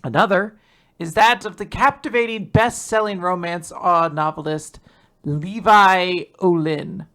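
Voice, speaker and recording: Podcast host, casual recap, rambling, laughs a lot, bright voice. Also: mid-range voice, normal speed.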